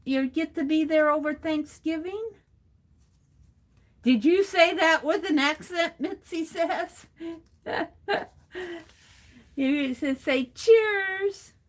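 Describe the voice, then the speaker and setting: A middle-aged woman hosting an art journaling livestream, chatting warmly with viewers by name and reading their comments aloud while she works. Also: extremely high pitch, takes it slowly, pauses often. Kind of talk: casual chat while crafting.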